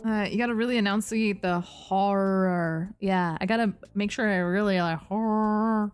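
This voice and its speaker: A woman's voice: medium pitch, steady tone, moderate pace. A young woman from New Jersey with a New Jersey accent, chatting casually on a live stream, reading chat aloud, playful and giggly, swearing freely. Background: faint background music.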